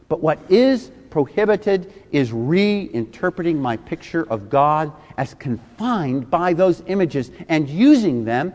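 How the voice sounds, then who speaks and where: A man's voice: a little high, darkish tone. Emphatic preaching man in his fifties. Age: 50s. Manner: emphatic preaching with repeated rhetorical questions. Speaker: pastor. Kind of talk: sermon. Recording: long reverb of a large hall.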